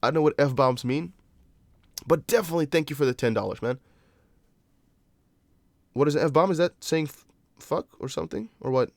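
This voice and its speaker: A young adult crypto livestream host, not a native English speaker, talks at a normal speed in a high-ish, gravelly voice with long pauses. He chats loosely with viewers, replying to their comments with restarts and apologetic asides, in a dry, clean studio recording.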